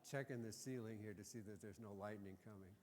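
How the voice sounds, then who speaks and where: A man's voice: fairly low pitch, steady tone, quick pace, noisy background. A man preaching a sermon as a pastor, telling the story in a joking, conversational way. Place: church sanctuary. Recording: reverberant church sanctuary.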